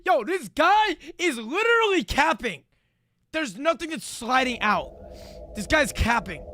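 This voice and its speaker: A young man streaming live, reacting to clips with excitable outbursts and laughs at a desk microphone. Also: extremely high pitch, a little slow, slight background noise.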